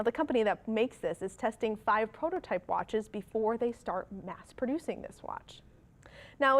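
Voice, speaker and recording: A woman from New Orleans anchoring a morning TV newscast, reading local stories and chatting playfully with her co-anchor. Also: a little high. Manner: bright, chatty, teasing. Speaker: TV news anchor. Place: TV news studio.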